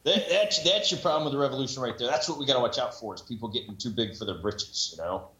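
A man's voice: medium pitch, fast talker, very noisy. A man in casual podcast chat, wry and joking, often cutting in. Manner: joking, wry, talks over others. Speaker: podcast co-host. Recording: roomy, dull lo-fi sound.

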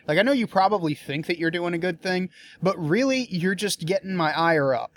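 A man's voice: high voice, expressive, moderate pace. A young man with a slightly raised voice rants casually, swearing freely. He talks bluntly and sounds exasperated, stumbling and restarting his sentences as he thinks aloud. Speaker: political commentator. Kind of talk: casual political rant.

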